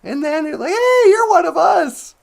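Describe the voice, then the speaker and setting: A man doing a high, sarcastic auntie. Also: very animated, unhurried, gravelly, heavily acted. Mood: snarky. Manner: sarcastic, giggly, sing-song asides. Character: chatty, teasing auntie woman host. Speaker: show character.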